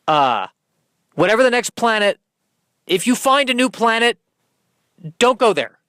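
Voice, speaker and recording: A man's voice: very high-pitched, very animated, measured pace, pushed and bright, dry recording, clean studio sound, heavily acted. A man playing a flustered, fretful starship captain in a comedy audio sketch, stammering and apologizing as he dithers. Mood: sheepish.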